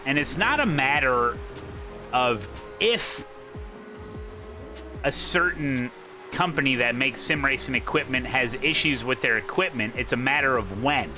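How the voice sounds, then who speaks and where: A man's voice: mid-range voice, measured pace, music in the background. A man hosting a sim racing livestream, talking casually and rambling, breaking off and circling back to his point. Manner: rambling, self-interrupting, repeats his points. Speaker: sim racing streamer host.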